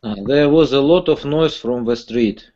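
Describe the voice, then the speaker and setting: Man, student, hesitant halting reading, mellow dark tone, lo-fi audio. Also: medium pitch.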